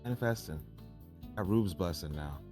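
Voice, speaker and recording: A joking tabletop player speaking in a deadpan way on a livestream, with a mid-range voice whose pitch swings lively. Faint background music plays under the voice chat. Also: normal speed. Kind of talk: casual livestream banter.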